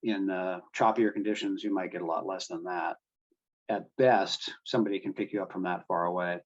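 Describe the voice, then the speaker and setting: A man's voice: deep voice, fairly even intonation, a little fast, muffled recording. A man explaining radio communications to a boating club, with many fillers and restarts. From United States. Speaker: guest speaker on marine radio.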